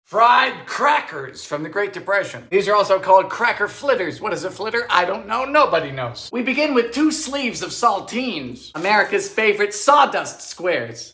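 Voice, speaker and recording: A man narrating a comic cooking vlog about vintage recipes, making dry deadpan jokes and breaking into sudden shouts. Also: high-pitched. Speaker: home baker trying vintage recipes. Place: home kitchen.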